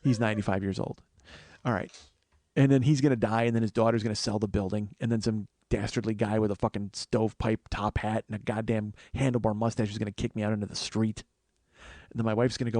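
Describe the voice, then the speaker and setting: A man's voice: fairly low pitch, normal speed, vocal fry, warm tone, no room sound. Man, comedian, podcast host, casual profane rambling monologue, dry close sound.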